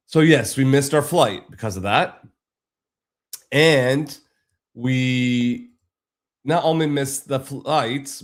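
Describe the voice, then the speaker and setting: A man's voice: medium pitch, darkish tone. A man casually telling a long, frustrated story on a live stream, rambling and swearing freely.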